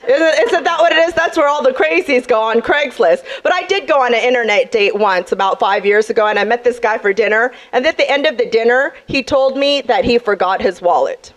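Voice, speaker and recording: A woman's voice: fairly high pitch, fairly quick, hardly any pauses. A young woman doing a brash, sassy stand-up set on a comedy club stage, talking straight to the crowd.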